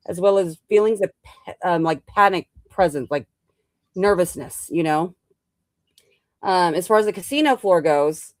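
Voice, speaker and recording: A woman with a fairly low voice co-hosts a paranormal chat show, reading reports aloud in stops and restarts. She often catches a word and corrects herself as she goes. The sound is dry and close. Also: no room sound. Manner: halting, self-correcting when reading. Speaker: co-host.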